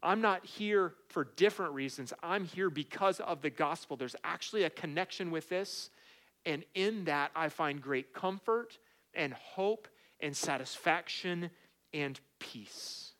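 A middle-aged man delivers a sermon in an easy, conversational way, slipping into personal anecdotes as he goes. His voice sits a touch higher than most men's. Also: measured pace, a bit bright. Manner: conversational preaching with storytelling asides. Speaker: pastor.

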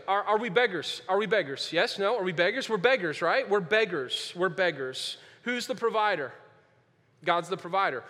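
A man preaching a sermon to his congregation, moving from quiet earnest passages to loud emphatic ones and repeating key phrases. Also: high voice, expressive, normal speed. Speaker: pastor. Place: church sanctuary. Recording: long reverb of a large hall.

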